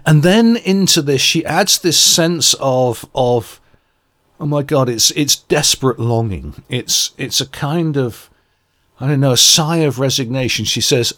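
A man's voice: mid-range voice, lively intonation, unhurried, a bit bright. A man giving a reflective, earnest radio album review and searching for words as he goes. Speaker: music reviewer.

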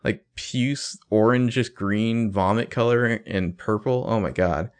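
A man's voice: on the low side, measured pace. A man co-hosting a podcast, casually recapping a TV episode and acting out the characters' lines as he goes. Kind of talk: casual chat.

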